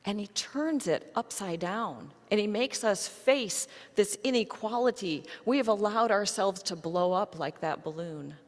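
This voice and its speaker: A woman pastor delivering a sermon, telling a story to her congregation in a measured way. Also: medium pitch, long reverb tail.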